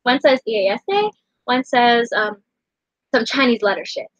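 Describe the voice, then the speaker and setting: A woman's voice: on the high side, sing-song, normal speed, vocal fry, fairly bright tone, no echo, dull audio. A young woman in her late teens rambling emotionally through a casual storytime vlog, full of fillers. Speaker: vlogger.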